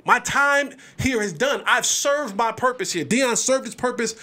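A man's voice: extremely high pitch, expressive, measured pace, bright, forceful tone. A man. He talks emphatically and with energy, stumbles over repeated words as he pushes a point, and quotes other people in his own voice. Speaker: podcast host. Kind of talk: animated sports commentary.

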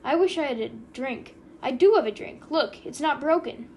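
A man's voice: very high voice, expressive, moderate pace, darkish tone, slight background noise. A woman voicing a drunken, boisterous male army pilot in an audiobook reading. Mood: rowdy.

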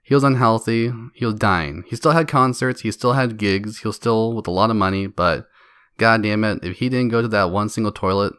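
A man's voice: fairly low pitch, fairly quick, a bit bright, clear, resonant tone, no room sound, studio quality. A man hosting a solo podcast, ranting in a profane, mocking way and laughing between jabs. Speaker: podcast host.

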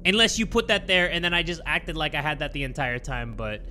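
A young man playing a horror game and commentating, joking, swearing and yelling when startled. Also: fairly high pitch, a little fast, a little hiss or hum. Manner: excitable, joking, profane, yells when startled. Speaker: gaming video host. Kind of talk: let's play commentary.

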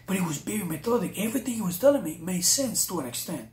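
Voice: medium pitch, big pitch swings, quick pace, darkish tone. A preacher telling a personal testimony to viewers, often calling them "you guys.". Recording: roomy echo.

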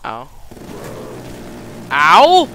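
A man giving profane, excitable commentary over a video game, slipping into Spanish slang, on a cheap headset mic. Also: a little high, very slow, a little hiss or hum. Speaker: gamer. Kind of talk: gameplay commentary.

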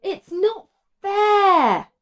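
A woman's voice: extremely high pitch, very animated, drawn-out words, pitched above the performer's own voice, heavily acted. A woman reading a storybook aloud and voicing a tired, cross grown woman who moans that she does all the housework. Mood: moaning, fed up. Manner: whiny, moaning, emphatic.

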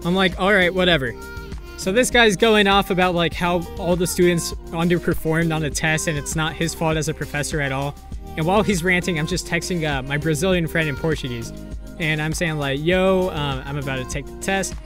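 A young man telling a story in a casual, animated way, swearing and acting out the quotes. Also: on the high side, brisk, over music. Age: young adult. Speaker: YouTuber.

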